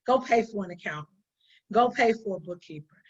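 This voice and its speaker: A woman's voice: medium pitch, expressive, fairly quick, breathy edge. A woman business owner giving conversational business advice in an emphatic way, often repeating her points for stress. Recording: dull lo-fi sound.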